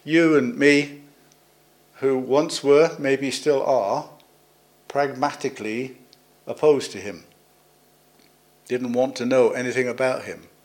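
A middle-aged man preaching a sermon in a conversational way, with gentle humor, pauses and fillers. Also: medium pitch, fairly even intonation. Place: church, services also on video call.

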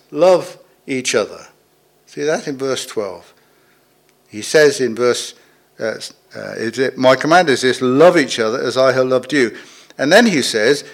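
A middle-aged man delivers a sermon in a relaxed, conversational manner. His voice sits at an ordinary pitch. He slips in gentle jokes and pauses now and then with small fillers. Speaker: preacher. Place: church, services also on video call.

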